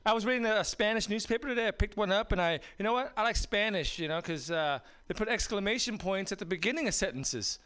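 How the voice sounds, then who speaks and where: Brief: male stand-up comic, wry and deadpan, with a high, crisp, bright voice. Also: quick pace, few pauses. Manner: wry, deadpan observational jokes. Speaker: stand-up comedian. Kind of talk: stand-up comedy set.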